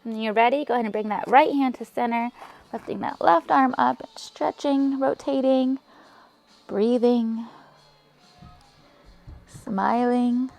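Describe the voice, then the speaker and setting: A woman leading a yoga class, giving calm, encouraging cues with soft breathy asides. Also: sits high, moderate pace. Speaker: yoga instructor. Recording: music playing faintly behind.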